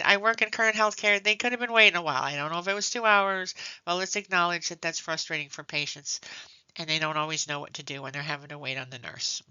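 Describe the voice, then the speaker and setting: A woman's voice: lowish voice, sharp tone, no echo. A woman nursing instructor giving a conversational classroom lecture, often checking in with "okay?" and telling stories from work. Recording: dull muffled lecture recording.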